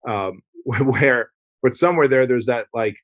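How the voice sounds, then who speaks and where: A man of ordinary pitch talking as a podcast guest, emphatic and loose, slipping into acted-out dialogue. The sound is close and dry, with no room around it. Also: measured pace, no echo. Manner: emphatic, acts out quoted dialogue, casual swearing. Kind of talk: casual conversational interview.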